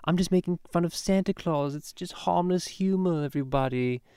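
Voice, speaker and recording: A man's voice: high voice, brisk, dark tone, clean tone, no room sound, clean studio sound, pitched above the performer's own voice. A man putting on a whiny, apologetic voice to mock a nervous male celebrity, pleading with a podcast audience. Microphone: podcast microphone.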